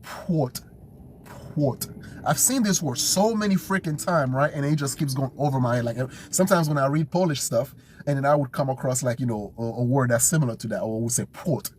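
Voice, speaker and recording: A man learning Polish, thinking aloud and slowly repeating words to memorize them. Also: mid-range voice, a little mellow, a little hiss or hum. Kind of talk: casual self-study vlog.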